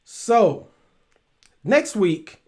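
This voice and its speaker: Animated slow-talking man host. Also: high voice, breathy edge. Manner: animated, laughs often, repeats phrases, swears freely. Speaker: show host. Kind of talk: casual solo talk show monologue.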